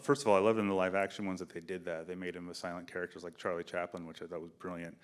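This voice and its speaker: A man with a fairly low voice tells behind-the-scenes stories at a film festival Q&A. He talks in a relaxed, animated way and jumps into quoted lines as he goes. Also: racing, few pauses. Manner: animated storyteller, acts out quoted dialogue. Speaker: film director. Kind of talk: festival Q&A interview. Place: theater stage, in front of an audience.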